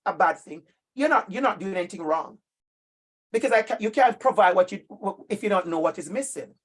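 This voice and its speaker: A man from Jamaica with a Jamaican accent, giving an emphatic, lively professional-development talk to teachers and addressing them directly. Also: sits high. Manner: emphatic and animated, addressing listeners directly by name. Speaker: workshop presenter for teachers.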